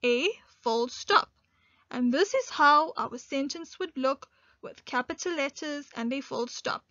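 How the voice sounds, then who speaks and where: A woman teaching an online grade one English lesson, speaking slowly and clearly and stressing key words. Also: high voice, lively intonation, fairly bright tone, no room sound. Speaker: primary school teacher. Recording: dull lo-fi dry recording.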